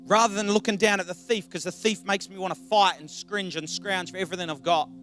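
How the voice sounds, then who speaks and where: A male pastor preaching a passionate sermon, swinging between quiet reflection and loud exhortation. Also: high voice, steady tone, fairly quick, soft background music. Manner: impassioned, rising to loud exhortation.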